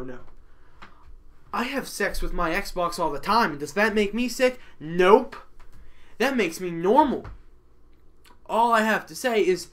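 A man's voice: sits high, a bit bright. A man giving a rambling, slangy, joking rant to camera as a vlogger.

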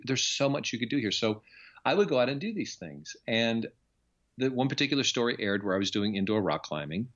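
A man's voice: on the low side, fairly bright tone, dull audio. A middle-aged man from Iowa, a guest sharing his story in an earnest, reflective way in a casual interview. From Iowa, USA. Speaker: guest, television journalist.

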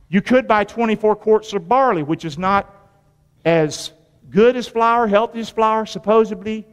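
A high, clean-toned male voice belongs to a pastor preaching in a church, with long hall reverb from the sanctuary. He quizzes his congregation in call-and-response style, repeating phrases in a folksy way with sudden rises and drops.

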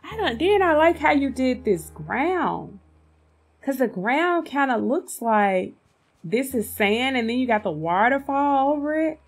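A woman's voice: high voice, big pitch swings, measured pace, husky. A woman giving casual, gushing commentary on a video game, chatting to her viewers and calling them "y'all". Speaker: game content creator.

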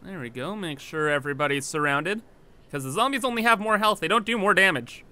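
High, lively gaming commentator man. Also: brisk, smooth. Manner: playful, laughing, hyped. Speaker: gaming YouTuber. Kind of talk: casual gameplay commentary.

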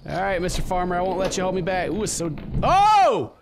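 A young man giving goofy let's-play commentary, yelling and joking at the game. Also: high voice, wildly swooping pitch, brisk, noisy background. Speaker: gaming commentator.

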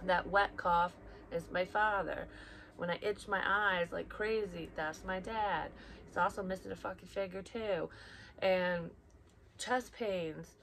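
Young female psychic, casual and blunt, curses freely, low-ish voice, faint background noise. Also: fairly even intonation, takes it slowly, vocal fry, fairly bright tone. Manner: blunt, heavy swearing, rambling, drops into whispers. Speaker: psychic reader. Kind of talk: casual personal chat.

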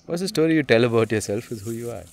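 A spiritual teacher with a mid-range, creaky voice talks in rapid-fire bursts, casual and blunt. He is animated, laughs often, and calls the listener "man" and "dude."

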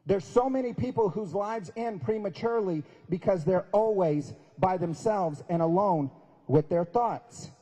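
This forties-aged man speaks at a prayer breakfast, offering inspiration through conversational stories and giving quoted lines emphatic, acted-out delivery. A high, warm, slightly rough voice moves a little slowly, echoing with the long reverb of a big event hall.

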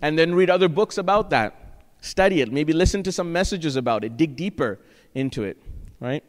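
A pastor delivers an earnest, exhorting sermon in a church sanctuary, frequently checking in with the congregation by asking "right?" His voice sits on the high side and is expressive, moving at a moderate pace, and the recording carries the long reverb of a church hall.

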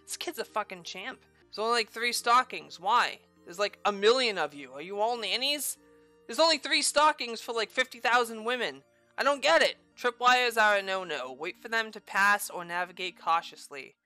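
Woman, let's play commentary, excitable, profane, high-ish voice, faint game music behind. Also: moderate pace. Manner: excitable, profane, loud outbursts. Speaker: gaming video host.

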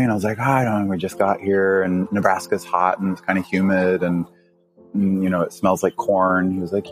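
A podcast guest tells a story casually and with animation, laughing often and jumping up in pitch whenever he acts out his younger self. He talks a little fast, with soft music playing in the background.

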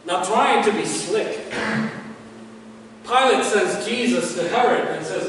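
Male pastor, dramatic storytelling sermon, slow delivery, distant mic in a reverberant church. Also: sits high, fairly bright tone, a little hiss or hum. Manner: dramatic storytelling, voice falling away at phrase ends. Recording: echoey hall from far off.

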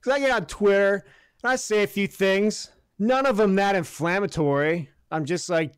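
A male podcast co-host rants about his sports team with heated sarcasm and plenty of swearing. His voice is high, his pace moderate, and the tone clean in a dry recording.

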